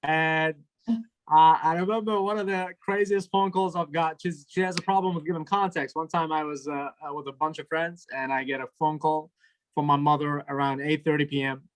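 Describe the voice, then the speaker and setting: A young man performs stand-up over a video call, his voice sitting a little high for a man. He tells long stories about family in a dry, deadpan way, letting the punchlines land plainly. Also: normal speed. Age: young adult. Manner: storytelling, deadpan, trailing into laughter. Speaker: stand-up comedian.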